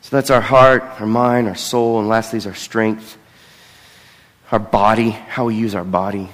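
A middle-aged pastor delivers an earnest, conversational sermon, frequently slipping into self-deprecating asides. His fairly low voice holds a steady tone at normal speed, slightly bright, echoing with the long reverb of a large church sanctuary.

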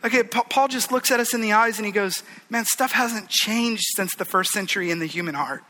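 Male pastor, 30s, high bright voice, earnest and conversational, shifts between soft pleading and building intensity. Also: a little fast, poor audio. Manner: earnest, conversational, swings from hushed pleading to rising fervor. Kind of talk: sermon.

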